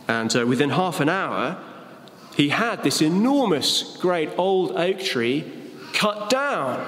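A man's voice: on the high side, sing-song, slow, fairly bright tone. A man preaching a sermon, reading Bible verses and explaining them with fillers and a joke. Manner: expository, with fillers and a told joke. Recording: echoey hall with long reverb.

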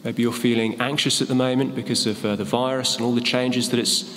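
Reading out Bible verses, a preacher explains them expository-style, with fillers and a joke thrown in. His medium-pitched voice is level and fairly bright in tone, moving fairly quickly through a hall with long, echoing reverb.

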